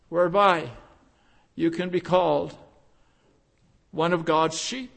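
Brief: male preacher, high voice, unhurried sermon delivery, hammers key phrases. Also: steady tone, vocal fry. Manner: emphatic, repeats key phrases with rising force.

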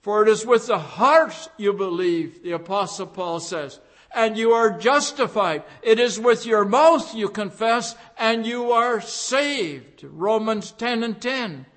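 A man's voice: sits high, lively intonation, slow, fairly bright tone. A man preaching a sermon, emphatic and repeating key phrases with rising force.

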